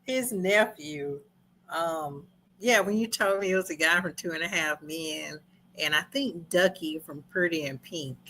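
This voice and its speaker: A woman co-hosting a casual movie review chat, animated and laughing often as she acts out scenes in quoted voices. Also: lowish voice, a little slow, slight background noise, poor audio.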